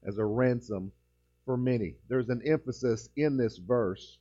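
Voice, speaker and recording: A man's voice: mid-range voice, dark tone. Emphatic male pastor preaching, muffled sound. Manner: emphatic preaching, slows and rises on key words, frequent restarts. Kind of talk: sermon. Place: church sanctuary.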